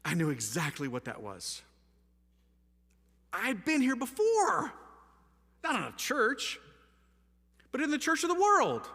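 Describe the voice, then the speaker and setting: A man with a bright, fairly high voice tells his story with lively energy, slipping into casual slang as he acts out both sides of a conversation. His voice rings with the long reverb of a large hall. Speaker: speaker giving his testimony. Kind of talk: animated storytelling talk.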